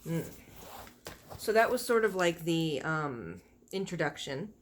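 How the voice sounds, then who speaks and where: A woman's voice: low-pitched, sing-song, slow, a little hiss or hum. A woman reading a children's novel aloud, stopping for chatty asides that explain the pictures and fonts. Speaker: reader of a children's book.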